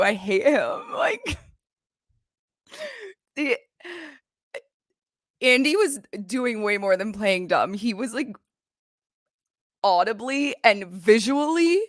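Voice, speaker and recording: A young woman hosting a casual recap show, retelling scenes in a gossipy, animated way. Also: mid-range voice, no echo, clean studio sound. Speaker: recap podcast host. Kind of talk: casual chat. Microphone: desk microphone.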